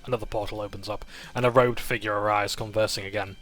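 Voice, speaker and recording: A man's voice: lowish voice, steady tone, fast, a bit bright, faint music behind. A man recapping a tabletop game session in a casual, rambling way. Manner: rambling, with fillers and restarts.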